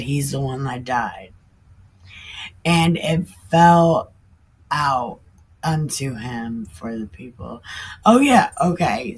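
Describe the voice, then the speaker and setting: A woman's voice: a bass voice, breathy edge, rough recording. A woman casually reading the Bible aloud and commenting on it in an irreverent, chatty way, laughing often and swearing now and then. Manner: drawn-out, emphatic sign-off sayings.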